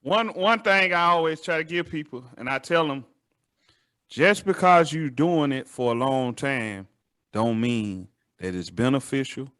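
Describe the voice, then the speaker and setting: A man with a Southern American accent hosts a talk show, holding a casual interview conversation in an earnest, conversational manner with preachy asides. His medium-pitched voice is unhurried, a bit bright, and clean in tone.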